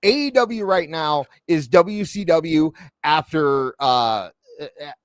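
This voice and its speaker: A man hosting a wrestling talk show in casual chat, animated and full of stammering restarts. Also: a little high, takes it slowly, dry recording. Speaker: wrestling podcast host.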